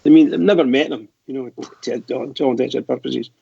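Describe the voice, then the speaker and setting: Gravelly man, hesitant on a dull line. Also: mid-range voice, fairly quick, warm tone, no echo. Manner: hesitant, stumbles and repeats words. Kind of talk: casual fan radio chat.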